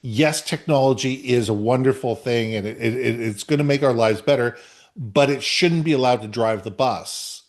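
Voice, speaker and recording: A man's voice: medium pitch, normal speed. A man co-hosting a business podcast in casual conversation, speaking earnestly and often repeating words as he thinks. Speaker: podcast co-host.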